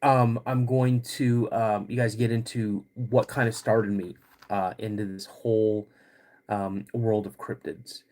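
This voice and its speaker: Middle-aged male host, unhurried, rambling delivery, tail end of a cold with frequent throat clearing. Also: on the low side, flat delivery, darkish tone. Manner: laid-back and rambling, greets chat viewers between stories. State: getting over a cold. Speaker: podcast host. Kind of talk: casual livestream chat.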